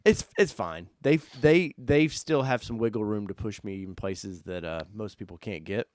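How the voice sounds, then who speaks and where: A man hosting a casual live-stream car chat, talking loosely and excitably, jumping from loud bursts to mutters. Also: fairly low pitch, moderate pace, dry recording, clean studio sound. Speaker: host.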